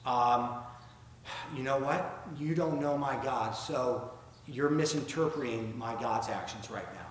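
A man's voice: medium pitch, a little slow. A man with a Southern accent preaching a sermon, asking rhetorical questions and reading scripture aloud in an earnest way. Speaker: pastor. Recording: very echoey room, faint ambient noise.

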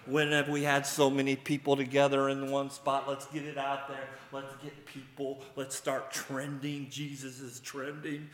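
Man playing scheming hyped disciple, quick talker, roomy echo. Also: mid-range voice, completely flat delivery, a bit bright, close to an everyday voice. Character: scheming male disciple, hyped about publicity. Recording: echoey room.

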